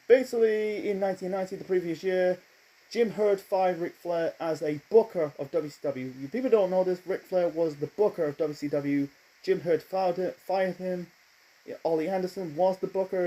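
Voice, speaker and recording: A man's voice: high-pitched, mellow, low-quality recording. A man giving a rambling, casual spoken review, often correcting himself and swearing. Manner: rambling, self-correcting, profane. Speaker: wrestling reviewer.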